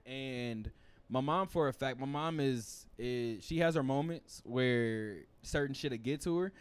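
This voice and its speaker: A man's voice: medium pitch, unhurried, clean tone, no room sound. A man hosting a podcast, talking in a loose, rambling, profane way while telling stories to friends in a room. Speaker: podcast host. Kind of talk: casual podcast chat. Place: indoor studio room with friends.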